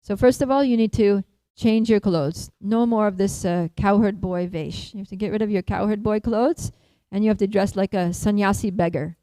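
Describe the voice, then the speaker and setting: A woman reading a brisk, instructive forest goddess. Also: medium pitch, steady tone, warm tone, dry recording, lightly acted, rough recording.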